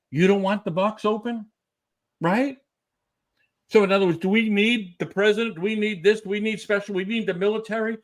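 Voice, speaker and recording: A man with a notably high voice, speaking as a podcast guest. He talks emphatically, stacking rhetorical questions one after another. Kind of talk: animated interview talk.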